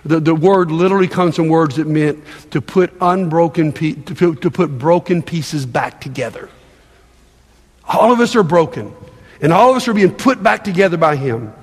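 A man's voice: fairly high pitch, expressive, normal speed, big-room sound. A man preaching a sermon as pastor, conversational and emphatic, repeating himself for stress.

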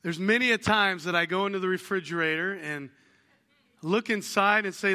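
A man with a high, piercing, intensely bright voice preaches a sermon. He tells stories with energy and acts out small exchanges at home. A long reverb trails off every phrase, like a church hall. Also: normal speed. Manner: animated storytelling, acts out household dialogues. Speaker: pastor.

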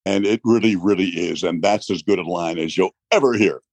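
Husky and low-voiced, this older New York man, once a baseball broadcaster and now retired, talks briskly as a guest in a storytelling interview. He's a lively raconteur who laughs a lot and acts out voices. There's no echo.

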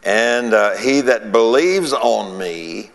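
A man's voice: fairly low pitch, lively intonation, slow, long reverb tail. A man preaching a folksy sermon, repeating phrases and chuckling between points.

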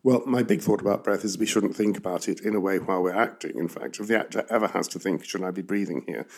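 A man's voice: low-pitched, quick pace, creaky. A man who coaches actors, explaining verse speaking in a reflective way and growing emphatic when he gives advice. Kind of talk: expert explaining in a conversation.

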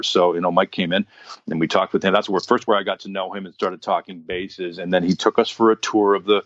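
A man's voice: sits low, a little fast, dry recording, dull audio. A man telling a story in casual conversation, restarting his sentences often and acting out what people said. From Canada. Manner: animated, restarts often, acts out quotes.

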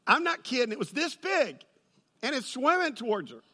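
A man preaching a sermon, telling a funny personal story and building to loud, excited peaks. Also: extremely high pitch, moderate pace, a little hiss or hum. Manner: storytelling with humor, rises to shouting. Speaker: pastor.

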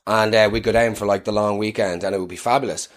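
A man's voice: lowish voice, fast talker. A young Irish man doing a rambling comic live-stream monologue, swearing freely. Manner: animated, swearing, rambling with laughs. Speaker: comedian.

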